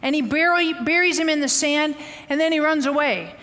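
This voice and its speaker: High-voiced woman teaching the Bible. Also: normal speed, in a large hall. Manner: animated storytelling, acts out quotes. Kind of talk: teaching sermon. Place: outdoors, windy.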